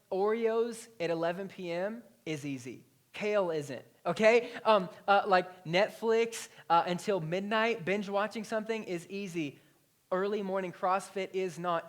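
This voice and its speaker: Guy pastor in his 30s preaching, chatty and animated, voice sits a bit high. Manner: conversational, animated storytelling. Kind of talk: sermon. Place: church.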